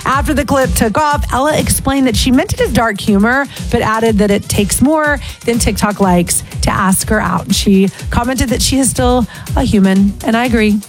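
A woman's voice: fairly high pitch, moderate pace, soft background music. A woman hosting a short entertainment news segment, reading in a chatty, lightly opinionated way. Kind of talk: scripted entertainment news report.

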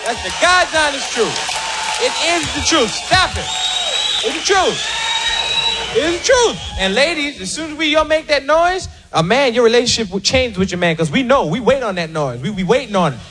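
A man doing a stand-up routine on stage before a live audience, loud and animated, shouting his punchlines. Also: extremely high pitch, normal speed, crowd noise, background noise. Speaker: stand-up comedian.

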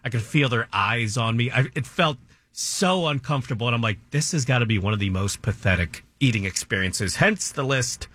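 A man's voice: mid-range voice, expressive, a little fast, a bit bright. A male radio co-host telling a self-mocking story in casual studio banter, laughing often.

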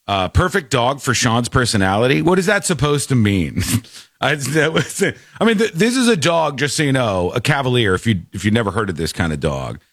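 A man hosting a talk show, telling stories in a rambling, animated way with quick asides. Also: mid-range voice, dry recording, clean studio sound. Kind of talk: casual talk show chat.

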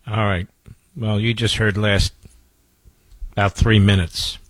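A man's voice: on the low side, level tone, takes it slowly, fairly bright tone, no echo. A man hosting a talk radio show, introducing archive clips in a reflective monologue and speaking proudly of his audience.

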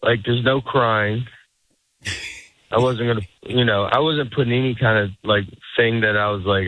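A man's voice: mid-range voice, fairly even intonation, normal speed. A middle-aged man talks casually as a comedian guest on a radio show, rambling and restarting his sentences as he acts out what others say. His voice comes through thin and phone-like, with a dry, close sound and no room echo. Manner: rambling, self-interrupting, acts out quotes. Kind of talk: casual interview chat.

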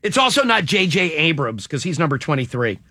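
Male morning radio host, high bright voice with gravelly fry, playful and quick to laugh. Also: dry recording. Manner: animated, laughs often, playful.

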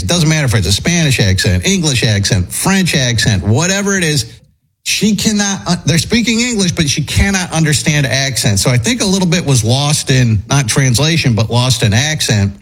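A man's voice: medium pitch, big pitch swings, moderate pace, breathy edge, low-quality recording. A man hosting a radio chat show, telling a long story in a rambling way with lots of fillers and restarts.

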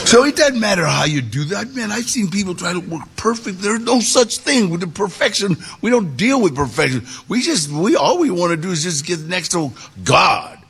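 A man telling a personal story to an audience, animated, with gravelly voice-play in the quotes. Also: high-pitched. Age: 40s or older. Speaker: guest storyteller.

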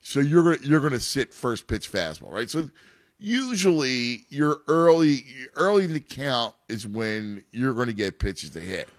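A man's voice: medium pitch, very animated, a little slow, no room sound, clean studio sound. A man in a casual chat about his son's baseball, rambling with many restarts. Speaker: youth baseball father and coach.

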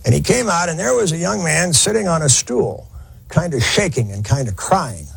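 A man's voice: a little high, animated, moderate pace, creaky, fairly bright tone, slightly rough, poor audio. A man telling a war story in a folksy, conversational lecture, with fillers and restarts. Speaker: historian lecturer.

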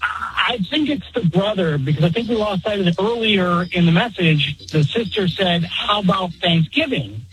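Male caller, slightly high voice, thoughtful and hesitant. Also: animated, moderate pace, rough recording. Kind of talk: call-in radio talk.

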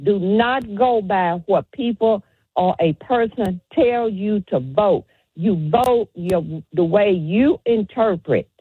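A woman's voice: mid-range voice, lively intonation, slow pace, slightly rough, no echo. A woman calling into a radio show, firm and emphatic, repeating her points. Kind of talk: call-in radio opinion. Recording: tinny phone line.

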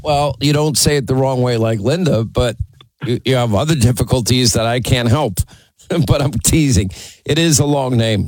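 A man's voice: medium pitch, normal speed, a little mellow, dry recording, low-quality recording. A man hosting a call-in talk radio show, speaking emphatically and teasing callers.

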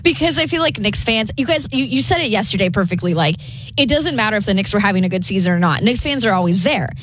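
A woman's voice: medium pitch, expressive, fast, a bit bright, slight background noise. A woman co-hosting a casual sports chat, chatty and laughing along.

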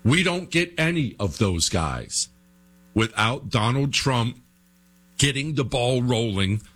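A man's voice: mid-range voice, expressive, slow, fairly bright tone, breathy edge. Emphatic male radio talk host. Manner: emphatic, repetitive, addresses listeners directly. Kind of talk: political talk show monologue.

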